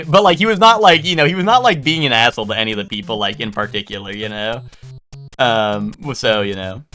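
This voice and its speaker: A man's voice: mid-range voice, bright, forceful tone. A man streaming live, chatting casually and telling a rambling story full of fillers and restarts. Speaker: livestreamer. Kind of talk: casual livestream chat.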